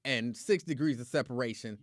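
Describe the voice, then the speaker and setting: A man hosting a casual live talk show, reacting to viewer comments with emphatic, repetitive opinions in relaxed slang. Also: mid-range voice, brisk, no echo. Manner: opinionated and emphatic, repeats his points.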